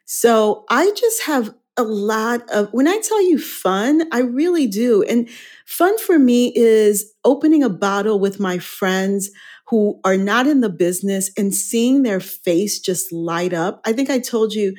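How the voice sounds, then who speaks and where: A woman's voice: on the high side, animated, a little slow, darkish tone. Cheerful woman guest who laughs easily. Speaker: wine educator and TV guest. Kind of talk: casual interview chat.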